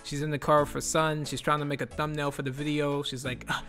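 A man's voice: fairly high pitch, level tone, fast, a bit bright, faint music behind. A man giving a blunt, profane commentary rant as a YouTuber, exasperated and repeating himself. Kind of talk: ranting commentary vlog.

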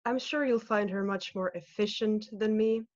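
An actress playing a flustered, polite telephone operator who talks in a hesitant, stammering, formal way. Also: female voice, mid-range voice, normal speed, a little mellow, dull audio, close to an everyday voice.

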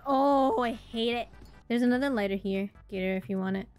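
A woman's voice: mid-range voice, steady tone, brisk, darkish tone, clean tone, faint music behind. A woman streamer reacting to a horror game live, jumpy, squealing and laughing her way through the scares.

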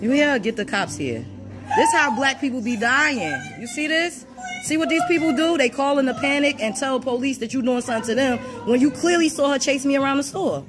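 Casting note: woman, higher pitch with wide swings, indignant and loud, filming on her phone in a store, clear background music playing. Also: expressive, brisk. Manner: loud, indignant, exclaiming to bystanders. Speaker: customer filming a confrontation. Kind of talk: live phone recording of a dispute. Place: indoor retail store. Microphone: phone camera held by the speaker.

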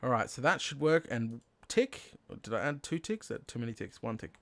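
A man narrating his own Minecraft play, talking himself through each step and bursting into excited shouts when things work. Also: medium pitch, normal speed. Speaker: gaming channel host. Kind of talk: Minecraft let's play commentary.

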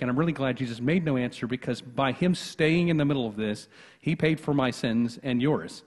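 A man's voice: medium pitch, brisk, slightly rough. A man preaching a sermon as pastor, talking conversationally with asides and restarts. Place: church sanctuary. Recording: long church reverb.

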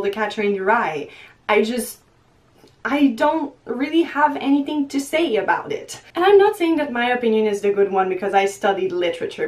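Chatty young woman book vlogger, slightly distant. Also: on the high side. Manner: chatty, often breaks into laughs. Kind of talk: casual chat to camera. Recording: voice a little distant from the mic.

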